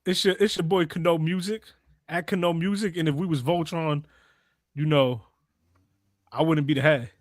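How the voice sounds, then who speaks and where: A man's voice: on the high side, steady tone, normal speed, pauses often, no room sound, clean studio sound. A man co-hosting a podcast in casual chat who teases and heckles the others playfully. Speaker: podcast co-host.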